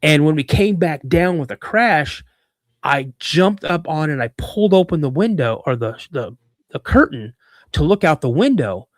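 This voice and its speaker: A lively man in his fifties from Washington State, telling a personal story as a guest and acting out every bit of dialogue. His voice sits a little high for a man and sounds close and dry with no room around it. He often repeats words and restarts mid-sentence. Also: no room sound. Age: 50s. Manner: animated storyteller who acts out quoted dialogue. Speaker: guest, cryptid researcher. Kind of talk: personal story told in conversation.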